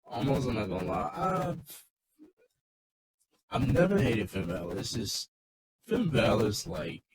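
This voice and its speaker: A man's voice: mid-range voice, big pitch swings, a little slow, husky, low-quality recording. A man casually recapping a wrestling show in a loose, rambling, swearing rant.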